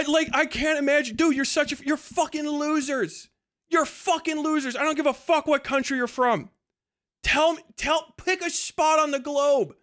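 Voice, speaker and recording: A young man live-streaming a profane, mocking rant, shouting at times and laughing in bursts. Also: very high voice.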